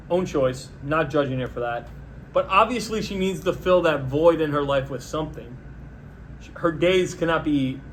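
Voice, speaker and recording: Sarcastic man ranting solo. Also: a little hiss or hum. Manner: sarcastic, mocking, deadpan pitching. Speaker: podcast host. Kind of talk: solo comedic political rant.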